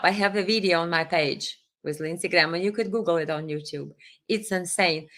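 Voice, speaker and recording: A woman's voice: medium pitch, pushed and bright. A woman hosting a political commentary livestream, talking in an impassioned, indignant way with hesitations and restarts, and reading viewer comments aloud. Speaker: livestream host.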